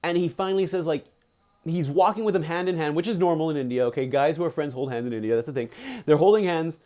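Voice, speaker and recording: Young male streamer, slightly high voice, excitable casual storyteller who leans on fillers and acts out every quote. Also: fast. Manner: animated, excitable, acts out quotes with big pitch jumps; many fillers like "he's like". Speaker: streamer reading a book aloud. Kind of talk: casual retelling of a book on a livestream.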